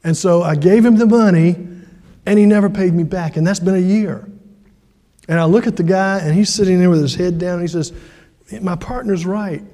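A man preaching a sermon as pastor, acting out the quoted voices with sudden jumps in pitch. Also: a little fast, dark tone, long reverb tail.

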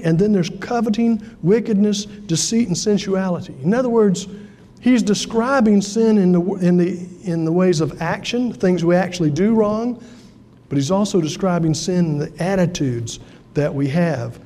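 A man delivers a sermon in an earnest, conversational way, restarting phrases as he goes. His voice sits high but mellow. A long reverb hangs around him, as in a church sanctuary. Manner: earnest preaching with repeated restarts and a wry aside. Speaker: pastor.

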